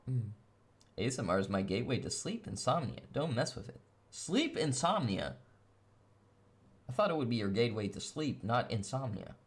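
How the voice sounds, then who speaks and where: A man chatting casually on a live stream, playful and goofy, swinging between loud bursts and soft asides. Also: mid-range voice, lively intonation, quick pace, slightly rough.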